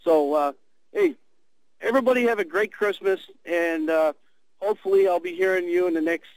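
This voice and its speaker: A casual, rambling man on a call to a radio show. His voice is a bit higher than most, and the sound is dry. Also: moderate pace, no room sound, poor audio. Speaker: caller. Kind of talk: casual chat.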